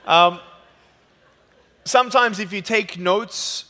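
A man speaking from a stage in a large hall, telling funny stories in an animated sermon. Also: high-pitched, slow pace. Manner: animated, jokey, acts out quotes. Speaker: motivational speaker. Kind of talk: humorous sermon storytelling. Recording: long hall reverb.

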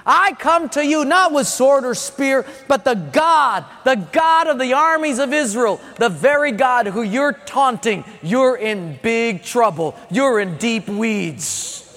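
A man playing a bold shouting shepherd boy. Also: very high-pitched, expressive, slow pace, few pauses, big-room sound, heavily acted. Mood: defiant. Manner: shouting boldly. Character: bold young shepherd boy defying a giant.

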